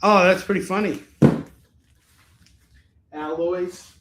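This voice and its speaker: A fairly high-voiced man keeps up a chatty, upbeat patter as he hosts a live online sale. He reads items and prices off one after another in a casual, friendly flow. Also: fairly even intonation, slow pace, very noisy. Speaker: live shopping show host. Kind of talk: casual live-stream selling.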